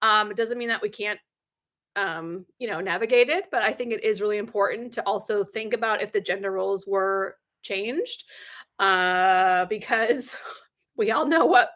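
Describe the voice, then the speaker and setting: A middle-aged woman business coach hosting a live stream, telling anecdotes with lively acted-out dialogue, frequent ums and sarcastic laughs. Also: normal speed. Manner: animated storyteller, acts out quoted dialogue with big pitch jumps.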